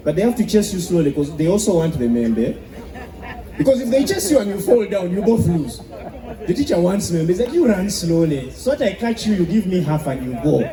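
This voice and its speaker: A man from Uganda with a Ugandan English accent, doing stand-up comedy with animated storytelling. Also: high voice, reverberant, rough recording. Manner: animated storytelling with sung bits.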